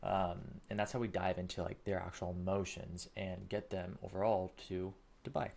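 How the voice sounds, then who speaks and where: A man teaching sales techniques in an emphatic coaching style, often checking in with a quick "okay?". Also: deep voice, flat delivery, gravelly, a little mellow. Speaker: sales trainer. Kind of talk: coaching lesson.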